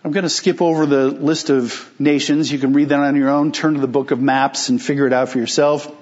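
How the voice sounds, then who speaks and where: A man preaching a conversational sermon as pastor, acting out listeners' reactions in quick asides. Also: mid-range voice, fairly even intonation, darkish tone, muffled recording.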